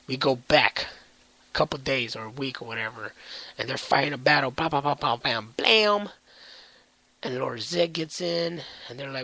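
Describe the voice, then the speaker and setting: A man recapping comics in a casual vlog, excited and rambling with heavy swearing. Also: mid-range voice, normal speed, creaky, long pauses, no echo, poor audio. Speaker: comic book reviewer.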